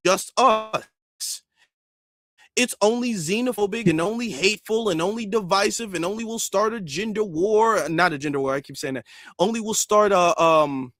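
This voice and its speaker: Exasperated male vlogger, high voice, dry close sound, keeps checking "okay?". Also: a bit bright, no room sound. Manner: exasperated, repeats "okay?" to drive points home. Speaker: commentary vlogger. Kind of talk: opinion rant.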